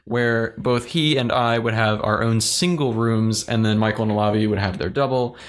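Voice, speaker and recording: A young man co-hosting a podcast, telling a story in casual chat, halting and repeating his words as he goes. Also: on the low side, a little hiss or hum. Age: young adult. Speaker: podcast co-host.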